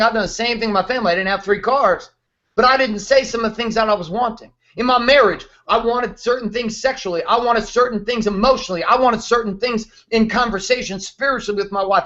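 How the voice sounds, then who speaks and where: A man's voice: extremely high pitch, sharp tone, muffled recording. A man in his thirties hosting a show, ranting bluntly and emphatically with plenty of profanity. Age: 30s. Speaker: host, motivational speaker. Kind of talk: fired-up motivational rant.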